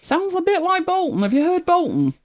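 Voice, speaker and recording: This northern English streamer talks a little fast in an extremely high voice whose pitch swoops wildly. Their accent is a softened northern English one, and they chat loosely with viewers during video reactions, musing aloud and laughing frequently.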